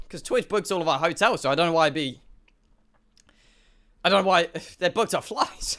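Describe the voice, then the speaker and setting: A young man telling a rambling story to his stream as a streamer, excitable and full of stammered restarts. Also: high voice, moderate pace, pauses often.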